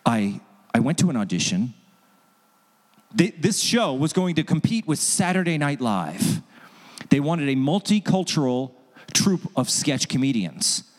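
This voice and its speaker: A man telling a comic story on stage as host, acting out quoted people with sudden jumps in pitch. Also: very animated, a little slow. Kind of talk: stand-up storytelling. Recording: long hall reverb.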